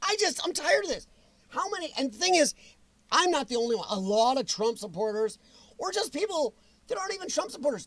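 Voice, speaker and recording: A man's voice: extremely high pitch, dry recording. A man hosting a livestream, ranting angrily and sarcastically with plenty of profanity. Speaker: livestream host.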